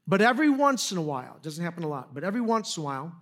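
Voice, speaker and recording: A man's voice: high voice, big pitch swings, rapid-fire, fairly bright tone. A man preaching a sermon in a conversational, storytelling way, joking at his own expense with frequent restarts. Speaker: pastor.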